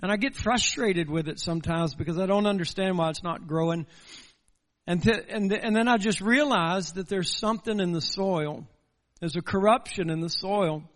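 A man's voice: sits high, moderate pace, big-room sound. A man preaching a sermon in a church, earnest and building through repeated rhetorical questions. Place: church sanctuary.

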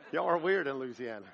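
A man's voice: mid-range voice, gravelly, lo-fi sound, noisy background. A man preaching a sermon as pastor, folksy and joking with his congregation.

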